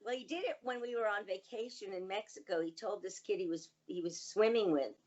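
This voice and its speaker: An older woman, a voice actress, chatting as a guest and telling lively stories from her life. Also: mid-range voice, a little fast, dull audio. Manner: animated storyteller. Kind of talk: casual interview chat.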